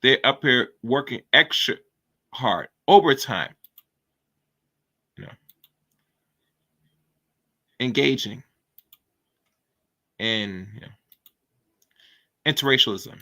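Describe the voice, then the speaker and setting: A man's voice: mid-range voice, slow pace, pauses often, pushed and bright. A man hosting a casual opinion commentary, rambling and preachy, with many fillers. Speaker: commentary channel host.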